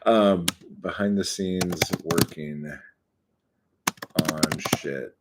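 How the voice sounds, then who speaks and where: A man's voice: low-pitched, slow, long pauses, background noise. A man on a casual live stream, rambling with many fillers and self-corrections, swearing a lot as he vents his frustration.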